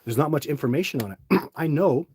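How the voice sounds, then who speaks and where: A man's voice: fairly high pitch, expressive, brisk, darkish tone, breathy edge, no room sound. A middle-aged man hosting a livestream, telling long rambling stories to his live chat with lots of restarts and fillers. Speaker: livestream host. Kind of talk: casual storytelling to a live chat.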